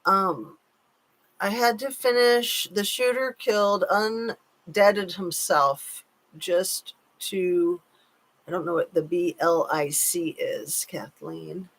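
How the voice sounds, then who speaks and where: A woman's voice: lowish voice, steady tone, takes it slowly, a bit bright. A woman hosting a casual live chat, reading viewer comments aloud and hedging her points with care. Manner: chatty, reads comments aloud, cautious with hedging.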